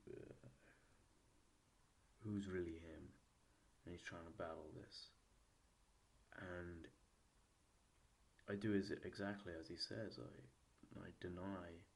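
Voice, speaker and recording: A man hosting a solo podcast, thinking aloud in a halting, rambling way with many restarts, his voice a little posh and nasal. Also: low voice, a little hiss or hum. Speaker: podcast host. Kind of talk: solo reflective podcast monologue.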